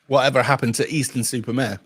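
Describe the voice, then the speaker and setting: A man's voice: mid-range voice, a bit bright, a little hiss or hum. A middle-aged man, ranting bluntly and profanely to camera as a channel host and retelling a pub story. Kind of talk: casual ranting vlog.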